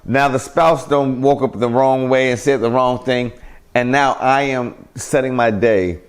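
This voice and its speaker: A man's voice: mid-range voice, fairly even intonation, measured pace. A man, co-hosting a talk show in a folksy, preachy way that acts out little everyday scenes. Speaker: radio show co-host. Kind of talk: casual chat.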